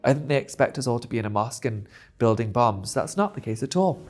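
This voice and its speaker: A man speaking as a guest in a casual interview, animated and expressive, often breaking into laughter. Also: medium pitch, fast talker, faint music behind.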